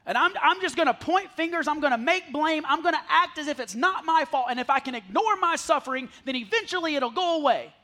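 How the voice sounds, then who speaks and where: High bright-voiced pastor preaching. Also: male voice, lively intonation, brisk, hardly any pauses. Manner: conversational, self-deprecating humor with the congregation. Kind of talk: sermon. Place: church sanctuary. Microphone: handheld or headset mic.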